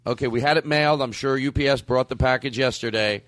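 A man's voice: mid-range voice, fast, a bit bright, dry recording. Rambling joking man on a podcast. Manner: joking, rambling, swears often. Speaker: podcast co-host. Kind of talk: casual banter.

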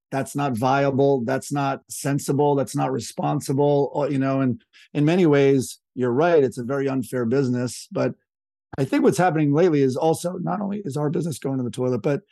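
A man in his fifties telling stories as a podcast guest, lively and casual, acting out what others said. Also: mid-range voice, normal speed, creaky, no room sound. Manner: animated storyteller, acts out quotes in a raised voice. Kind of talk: casual storytelling chat.

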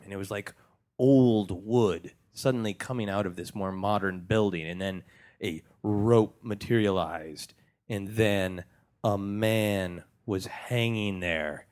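A man hosting a comedy podcast, improvising a ghost story in a hushed, mock-spooky way. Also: fairly low pitch. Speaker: podcast host.

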